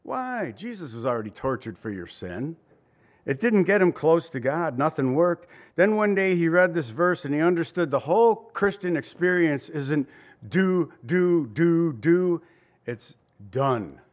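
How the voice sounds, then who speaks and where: A man's voice: a little high, lively intonation, measured pace. A man preaching a sermon in a conversational way, asking rhetorical questions and chuckling now and then. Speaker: pastor.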